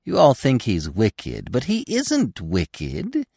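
A man's voice: mid-range voice, wildly swooping pitch, takes it slowly, creaky, darkish tone, slightly rough, no echo, clean studio sound, voice pushed up, exaggerated voice. A man voicing a proud, boastful young deer boasting of his winter among people. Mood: superior. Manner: boastful, superior.

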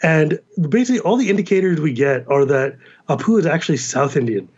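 An American man with a Californian accent, a guest chatting casually and animatedly, with quick asides and laughs. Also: on the high side, expressive, a little mellow, husky, lo-fi sound. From United States. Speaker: podcast guest. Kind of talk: casual chat.

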